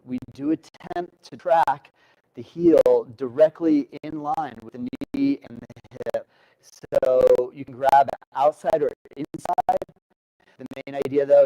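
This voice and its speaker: A man teaching yoga, calmly guiding beginners step by step through a balance pose. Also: medium pitch, poor audio. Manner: calm step-by-step coaching. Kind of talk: instructional yoga demonstration.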